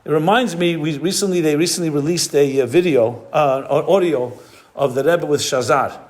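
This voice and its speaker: A man's voice: a little high, normal speed, a little mellow. A rabbi giving an explanatory class lecture, explaining step by step and weaving in Hebrew and Yiddish terms. He often stops to search for the right word.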